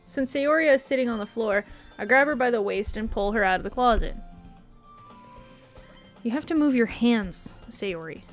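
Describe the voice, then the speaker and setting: A woman's voice: fairly high pitch, expressive, normal speed, long pauses, faint music behind, natural voice. A woman reading a reserved teenage boy protagonist in a visual novel, narrating in a dry, matter-of-fact way. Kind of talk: visual novel read-aloud.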